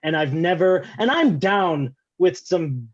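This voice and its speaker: A man's voice: sits high, expressive, takes it slowly. A man doing a stand-up set over a video call, self-deprecating and rambling with lots of filler words. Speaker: stand-up comedian. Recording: slightly dull lo-fi call audio.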